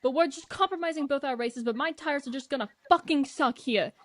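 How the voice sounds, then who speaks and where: A woman doing an impression of an angry male racing driver, shouting a profane rant over team radio. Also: sits high, expressive, pitched above the performer's own voice. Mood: furious. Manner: shouty, profane, rapid ranting.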